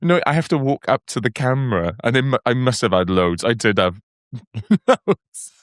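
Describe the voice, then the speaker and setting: A man's voice: medium pitch, animated, normal speed, dry recording. Man, comedy podcast co-host, storytelling, dry close sound. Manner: storytelling, laughs often. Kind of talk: casual comedy chat.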